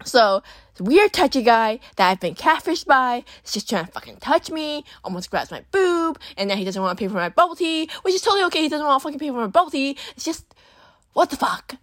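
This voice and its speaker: A young woman, telling a dating story on her podcast in a casual, animated, profane way and acting out the voices she quotes. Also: sits high, fairly quick, no echo, clean studio sound. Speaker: podcast host.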